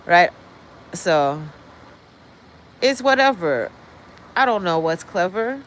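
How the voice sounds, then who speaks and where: A woman's voice: lowish voice, very animated, slow pace, a bit bright, slight background noise, low-quality recording. A woman hosting a livestream, talking in a blunt, profane, rambling way from indoors. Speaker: livestream host. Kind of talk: casual livestream rant. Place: indoors, apartment building.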